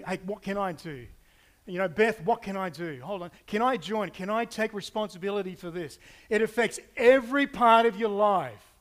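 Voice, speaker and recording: A man preaching a sermon, telling stories in an animated way and acting out quotes with playful asides. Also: high voice. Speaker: pastor.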